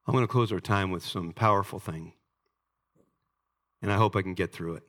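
A man's voice: sits low, moderate pace, a bit bright. A pastor giving an earnest, emotional sermon and speaking directly to his congregation.

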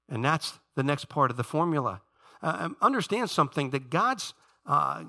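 A man pastor preaching a sermon in a church, shifting between quiet conversational asides and emphatic, rising peaks. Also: high voice.

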